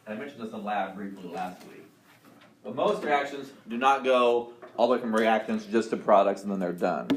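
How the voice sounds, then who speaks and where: Man lecturing in a roomy classroom. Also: mid-range voice. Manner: upbeat, quizzing students, many restarts. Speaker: college chemistry instructor. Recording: roomy classroom sound, faint noise.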